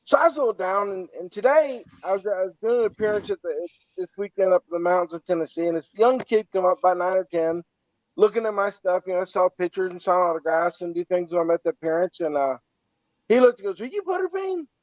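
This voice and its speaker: A man's voice: high-pitched, fast, darkish tone, no echo. A man telling a heartfelt story in a rambling, casual way on a podcast. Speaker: podcast co-host. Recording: dry, muffled lo-fi audio.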